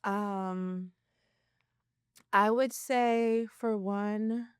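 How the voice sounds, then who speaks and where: A woman's voice: medium pitch, fairly even intonation, very slow, clear, resonant tone, no room sound, clean studio sound. A woman guest on a podcast, talking candidly and matter-of-factly about her faith and her pregnancy. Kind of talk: casual interview chat.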